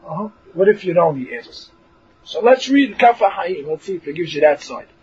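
A man teaching a Torah lesson in a lively, animated way, mixing Hebrew and English, acting out voices and laughing along the way. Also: high-pitched, moderate pace, slight background noise. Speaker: rabbi teaching a class. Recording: dull lo-fi recording.

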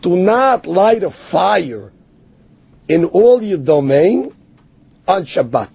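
A man's voice: sits high, big pitch swings, takes it slowly, vocal fry, darkish tone, husky, dry recording. A man giving a Torah lecture as a rabbi. He tells stories, quotes Hebrew verses and explains them, and answers a heckler with self-deprecating humor. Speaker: rabbi teaching a Torah class.

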